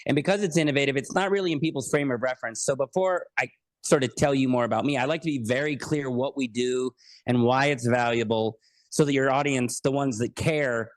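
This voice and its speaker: A man's voice: mid-range voice, fairly quick. A man talking as a podcast guest in casual interview chat, joking, self-deprecating and rambling.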